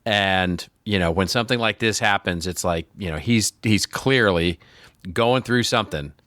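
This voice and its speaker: A man's voice: fairly low pitch, normal speed, a bit bright, no room sound, clean studio sound. A man co-hosting a marketing podcast, talking casually with frequent restarts and fillers. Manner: chatty, lots of restarts and fillers. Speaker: podcast co-host. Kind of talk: casual chat.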